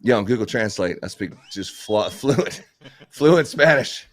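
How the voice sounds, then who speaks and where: Blunt, low-voiced lights business owner. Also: male voice, lively intonation, measured pace. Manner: blunt, swears, laughs often. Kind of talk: casual live chat.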